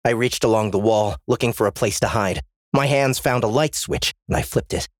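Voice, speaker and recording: A man's voice: fairly low pitch, normal speed, dry recording, clean studio sound. A man narrating a first-person story as an audiobook, in a tense, dramatic reading.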